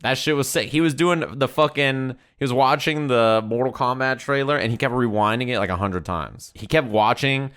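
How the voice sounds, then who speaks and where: A man's voice: medium pitch, normal speed, hardly any pauses, a bit bright, clean tone. A man streaming, telling a rambling, profanity-laden story in casual chat.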